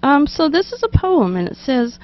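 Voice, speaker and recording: A woman's voice: high-pitched, sing-song, moderate pace, lo-fi sound. A woman hosting a casual web show, chatting and reading aloud with giggles and offhand asides. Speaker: webcast show host. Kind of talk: casual reading of jokes and a poem.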